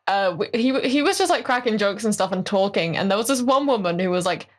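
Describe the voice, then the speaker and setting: A woman's voice: medium pitch, lively intonation, a little fast. A woman chatting on a stream, eagerly retelling what happened. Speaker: stream guest. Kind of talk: casual chat.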